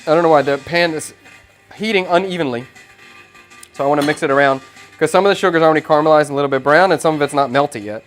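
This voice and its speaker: A middle-aged male chef talks casually through a livestream, his voice pitched a little high and easy-going. He wanders between thoughts as he works. Soft music and the clink of pans sit faintly behind him. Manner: chatty, relaxed, thinks aloud while cooking.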